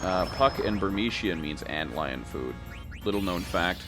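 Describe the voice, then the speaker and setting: A gaming streamer with a low, lively voice gives unhurried, joking let's-play commentary as he plays, with music in the background. He laughs a lot and reads the game's dialogue out loud.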